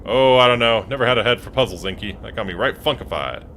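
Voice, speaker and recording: A man's voice: medium pitch, quick pace, fairly bright tone, a little hiss or hum, lightly acted. A man voicing a boisterous old-West cowboy with folksy slang. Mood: easygoing.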